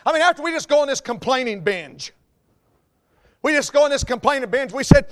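A man with a Southern US accent, preaching a folksy, joking sermon as a pastor, swinging between quiet asides and loud outbursts. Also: extremely high pitch, animated, fairly quick. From American South.

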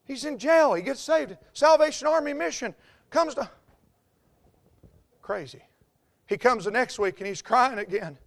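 A man's voice: very high voice, expressive, unhurried, creaky, pauses often, fairly bright tone. A middle-aged man from the North Carolina mountains, preaching a sermon with an Appalachian accent and exuberant storytelling. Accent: Southern US Appalachian. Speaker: pastor.

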